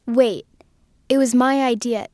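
Woman doing a sweet little girl, earnest and sensitive, kinda high, dry close sound. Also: steady tone, measured pace, warm tone, no echo, natural voice. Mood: upset. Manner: earnest, emotional. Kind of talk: children's story reading.

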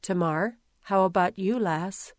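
A woman voicing a weary but determined pioneer mother who coaxes her daughters gently and firmly. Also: mid-range voice, unhurried, no room sound, clean studio sound, natural voice. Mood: coaxing.

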